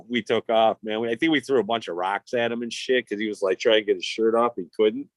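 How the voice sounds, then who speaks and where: A man's voice: medium pitch, normal speed, no room sound. A man, telling stories in casual, profane, rambling chat as a podcast host. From Chicago. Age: 50s.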